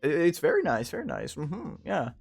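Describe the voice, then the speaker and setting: Tipsy, gravelly-voiced man gaming. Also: fairly high pitch, huge pitch swings, moderate pace, faint music behind. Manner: rambling, profane, tipsy and joking. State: drunk. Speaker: game streamer. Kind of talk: casual let's-play commentary, reading game text aloud.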